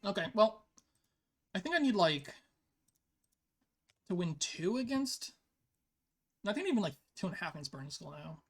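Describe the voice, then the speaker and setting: Mid-pitched voice with vocal fry. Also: big pitch swings, moderate pace, pauses often. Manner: thinks aloud, frequent "like" fillers. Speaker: player narrating own online card game match. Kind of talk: casual gameplay commentary.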